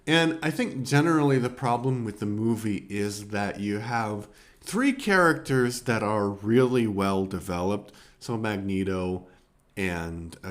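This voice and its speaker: A man hosting a film review show in a casual, rambling way, with many fillers and sarcastic asides. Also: fairly low pitch. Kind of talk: casual spoken movie review.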